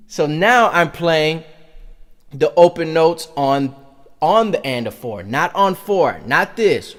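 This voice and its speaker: A man's voice: fairly high pitch, lively intonation, unhurried, over loud music. A man teaching a conga lesson, counting beats aloud and vocalizing drum sounds as he demonstrates. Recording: reverberant room with loud congas.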